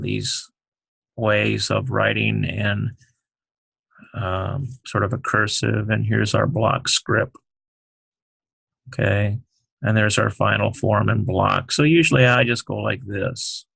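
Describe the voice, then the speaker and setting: Slow gravelly man teaching letters. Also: lowish voice, level tone, a bit bright, dry recording. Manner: slow, halting, many fillers, explains while writing. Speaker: Hebrew teacher. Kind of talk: unscripted alphabet lesson.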